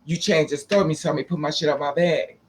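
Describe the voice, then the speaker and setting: A man's voice: on the high side, fairly even intonation, fast talker. A man telling a personal story in a casual, profane, dramatic way, acting out the people in it. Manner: profane, dramatic, switching between quoted voices.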